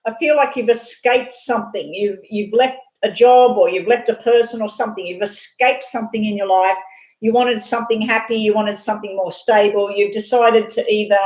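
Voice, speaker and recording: A woman doing a live tarot reading, talking fast and rambling off on side chats. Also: medium pitch, darkish tone. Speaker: tarot reader. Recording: echoey room.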